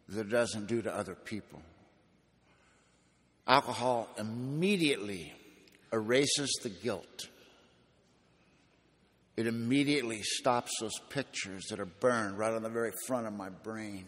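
A man's voice: on the low side, a bit bright. Plainspoken guy sharing his story at a meeting, confessional, echoey hall. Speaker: speaker at a recovery meeting. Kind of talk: personal testimony to an audience.

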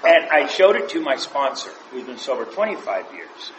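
A man's voice: mid-range voice, sing-song, moderate pace, fairly bright tone. Man sharing stories in an echoey room. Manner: anecdotal, chuckles through his stories. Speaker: meeting member sharing. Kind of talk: casual storytelling share. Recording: echoey room with faint noise.

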